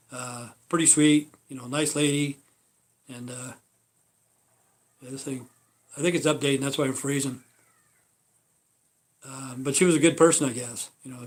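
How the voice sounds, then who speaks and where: A man hosting a casual livestream, talking in a rambling, profane way with many fillers. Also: mid-range voice. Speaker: livestream host.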